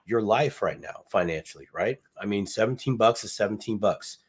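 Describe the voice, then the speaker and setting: A man co-hosts a casual live chat about money, his voice sitting a bit low. He rambles, repeats words as he restarts his thoughts, and leans on easygoing slang. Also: animated, normal speed, slightly rough. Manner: casual slang, says dude and bucks. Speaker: podcast co-host.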